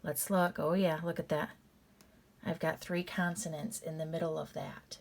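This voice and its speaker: This woman teacher's voice sits low with vocal fry and a level tone as she records a reading lesson. Deliberate and stepwise, she repeats patterns and calls the students "you guys."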